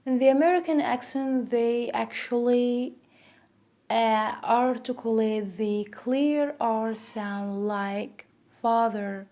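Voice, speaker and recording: A woman who is a native Arabic speaker, teaching an English pronunciation lesson and repeating example words slowly to demonstrate sounds. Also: fairly high pitch, dark tone. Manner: slow, repetitive, demonstrating sounds.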